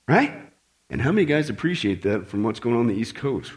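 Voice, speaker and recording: A man's voice: high voice, big pitch swings, fairly quick, fairly bright tone. A man preaching a sermon, speaking emphatically and checking in with his listeners often. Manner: emphatic, talks straight to the congregation with frequent "right?" and "folks". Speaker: pastor.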